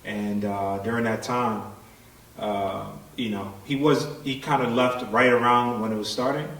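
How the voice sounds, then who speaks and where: A man recounting his family's history in a measured way with fillers. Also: mid-range voice, steady tone, a bit bright. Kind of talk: personal recollection. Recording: roomy, distant, faint hiss.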